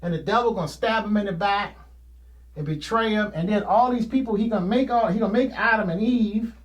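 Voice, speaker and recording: A man with a high voice for his sex talks casually and plainly, like regular folks. He rambles from thought to thought and laughs often as he hosts his own show. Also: fairly quick, muffled recording.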